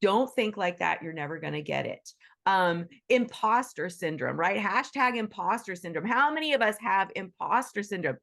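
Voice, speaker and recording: A woman's voice: medium pitch, lively intonation, normal speed, creaky, fairly bright tone. A woman hosting an online group session, talking in an enthusiastic, chatty way with many restarts and asides. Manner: acts out quoted voices in bursts. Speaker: workshop host. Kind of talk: casual talk to an online group.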